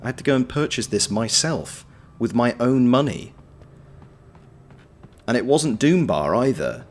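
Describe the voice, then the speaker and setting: A man's voice: medium pitch, expressive, unhurried. A man chatting casually on a game livestream, reading out his chat with wry, playful banter. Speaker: game streamer.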